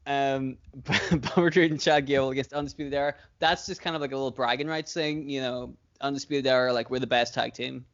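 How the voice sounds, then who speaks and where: A man's voice: mid-range voice, steady tone, a little fast, hardly any pauses, lo-fi sound. A man co-hosting a casual chat, rambling and swearing freely with frequent laughs. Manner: rambling, profane, laughs often. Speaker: podcast co-host booking wrestling shows.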